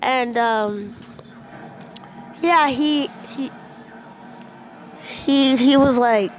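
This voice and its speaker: A young female gaming vlogger casually telling a rambling story, excitable and breaking into shouts when she quotes people, into a headset mic. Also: sits high, drawn-out words.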